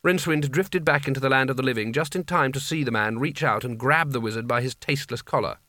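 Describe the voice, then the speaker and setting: A man narrates a comic fantasy audiobook with dry, wry timing. His voice sits at an ordinary middle pitch. The recording is close and dry, with no room sound. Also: fast talker, pushed and bright, no echo. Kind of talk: scripted narration.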